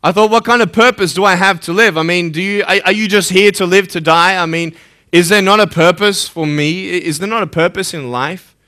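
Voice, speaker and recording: A man's voice: high-pitched, fairly quick, pushed and bright. A young man giving a live motivational talk to an audience, joking playfully and then turning earnest and searching. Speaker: motivational speaker.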